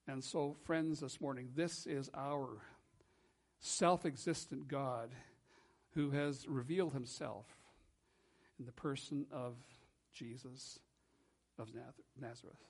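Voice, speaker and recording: A man preaching a sermon as pastor in a church, earnest and measured, slowing and dropping soft for emphasis. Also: mid-range voice, steady tone, gravelly.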